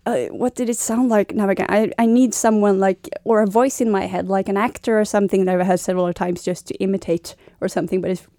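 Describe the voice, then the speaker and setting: A young Swedish woman talking in a relaxed, rambling way, her voice mellow and warm. She fills her sentences with small hesitations and slips into other people's accents. The sound is dry and close. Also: medium pitch, fast, few pauses, dry recording. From Stockholm, Sweden. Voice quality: mimics accents, chatty with many fillers. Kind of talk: casual chat.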